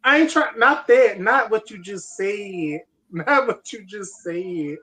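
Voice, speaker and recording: A woman's voice: medium pitch, slow. A woman chatting casually on a live video call, telling stories in a loose, slangy way with lots of laughter. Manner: laughing, animated storyteller, slangy. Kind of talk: casual chat.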